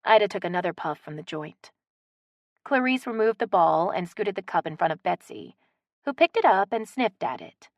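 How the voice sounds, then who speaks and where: A woman reading a romance audiobook aloud in an expressive narrating style. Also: on the low side, normal speed, vocal fry, no echo. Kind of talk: scripted narration.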